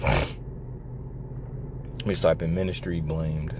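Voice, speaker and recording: A man reacting to a video clip, quoting scripture slowly and swearing bluntly. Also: rumbling low, level tone, noisy background. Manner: blunt, swears freely, reads verses slowly. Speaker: commentator.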